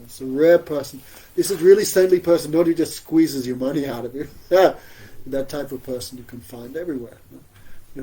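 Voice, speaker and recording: A man's voice: medium pitch, dark tone, a little hiss or hum, low-quality recording. A man giving a spiritual scripture class, telling stories with frequent chuckles and rhetorical questions. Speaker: spiritual teacher.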